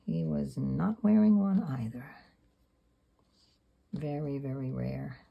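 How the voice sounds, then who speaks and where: Gravelly older woman musing while painting. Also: a bass voice, animated, takes it slowly, highs cut off. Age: 70s. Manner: rambling, candid, self-deprecating. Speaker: sketchbook artist. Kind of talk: casual reflective talk while painting.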